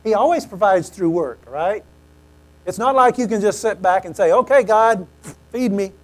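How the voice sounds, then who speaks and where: A man preaching a sermon, telling stories animatedly and acting out quoted lines, often clearing his throat. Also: high voice, lively intonation, normal speed, rough recording.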